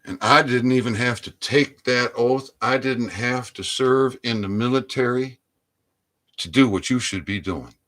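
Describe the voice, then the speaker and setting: A man delivering a preachy political rant, exhorting his listeners and often rising into loud, emphatic outbursts. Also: medium pitch, measured pace. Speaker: online commentator.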